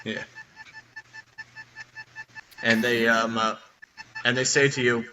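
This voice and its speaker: Bright-voiced man narrating as game master. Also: mid-range voice, little pitch movement, recorded from a distance, faint music behind, low-quality recording. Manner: halting, many fillers. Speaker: dungeon master.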